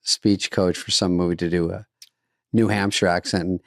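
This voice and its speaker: An older man co-hosting a podcast with a dry, offhand way of talking. His voice sits fairly low. It is recorded close and dry. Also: flat delivery, normal speed, gravelly, no room sound. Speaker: podcast co-host. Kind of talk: casual chat.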